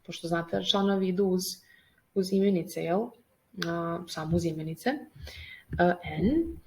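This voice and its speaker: A woman's voice: lowish voice, moderate pace, rough recording. A woman explaining English grammar as a teacher, hesitant and full of fillers as she reads a text aloud. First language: Serbian. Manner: hesitant, many fillers, switches between languages.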